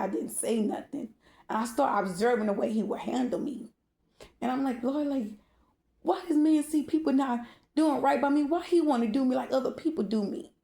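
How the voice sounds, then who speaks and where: Candid woman with a mellow voice, echoey room. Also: fairly high pitch, vocal fry. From Baltimore. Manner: candid, profane, speaks straight to viewers. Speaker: storyteller. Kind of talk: emotional personal storytime.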